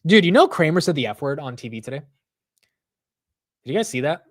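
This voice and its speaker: A man hosting a live stock market stream, talking casually and excitably with loose slang and frequent laughs. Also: fairly high pitch, fairly quick, no room sound, studio quality. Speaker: market livestream host.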